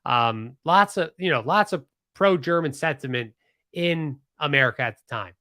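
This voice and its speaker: A man's voice: a little high, lively intonation, normal speed, sharp tone, no room sound, studio quality. A man from Pennsylvania hosting a podcast, telling a history story casually and animatedly, with many restarts and asides. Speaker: podcast host.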